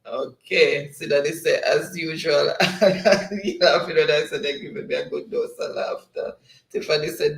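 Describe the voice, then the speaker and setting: Slow, gravelly man laughing through chat. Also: a little high, very animated, reverberant. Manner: laughs often, slow and easygoing. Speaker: livestream host. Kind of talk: reading live chat aloud.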